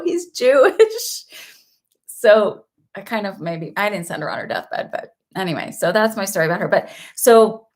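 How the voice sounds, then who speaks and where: A middle-aged woman hosting a casual spiritual live stream from home, telling personal stories in an emotional, sometimes tearful way. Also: on the low side. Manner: emotional, tearful at times, warm storytelling. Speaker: spiritual channel host.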